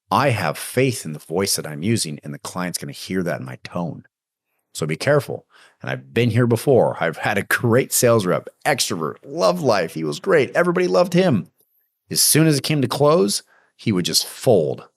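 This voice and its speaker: A very deep-voiced man talks straight to his listeners like a coach. He is emphatic and hands out practical business advice. The sound is dry and close, with no room echo. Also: sing-song, moderate pace, husky. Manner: emphatic, coaching, acts out sales pitches. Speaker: podcast host. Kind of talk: casual business advice monologue.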